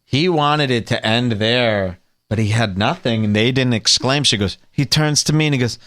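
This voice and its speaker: A man's voice: medium pitch, normal speed. A man hosting a show, mocking a clip with sarcastic commentary. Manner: sarcastic, scoffing, animated. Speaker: podcast host reacting to a clip.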